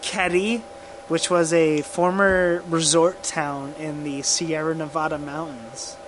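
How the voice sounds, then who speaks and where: A man co-hosting a podcast, telling a true crime case in casual profane chat, halting and laughing often. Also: on the high side, level tone, noisy background. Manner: slow, halting, laughs often, drinking whiskey.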